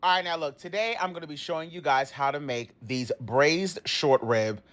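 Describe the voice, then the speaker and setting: A man's voice: a little high, normal speed, fairly bright tone. Sassy playful man hosting a cooking show. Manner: sassy, playful, calls viewers baby and honey. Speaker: cooking channel host. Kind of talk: casual cooking tutorial.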